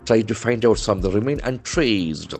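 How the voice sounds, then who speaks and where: Brief: male trainer, lowish voice, methodical spell-and-pronounce delivery, soft music behind. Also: animated, normal speed. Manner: spells words letter by letter and models pronunciation. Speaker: English trainer. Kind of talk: newspaper vocabulary lesson.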